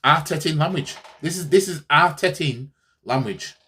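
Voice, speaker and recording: A man's voice: on the high side, moderate pace, pushed and bright, a little hiss or hum. A man hosting a fan channel, ranting sarcastically in a heated football reaction, repeating himself as he goes.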